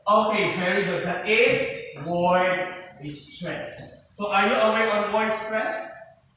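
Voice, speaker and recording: A man teaching a classroom lesson. His voice is fairly high and it echoes strongly off the hard walls. He is heard from a distance, with faint room noise behind him. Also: takes it slowly, pushed and bright. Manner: explains patiently, often checks in with the class. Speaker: teacher giving a demonstration lesson. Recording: echoey room, mic far off.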